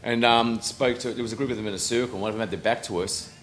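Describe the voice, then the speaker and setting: A man's voice: medium pitch, fairly even intonation, very fast, a bit bright, a little hiss or hum. A man in his thirties with an Australian accent, a band member rambling through anecdotes in casual chat and swearing freely. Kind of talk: casual storytelling.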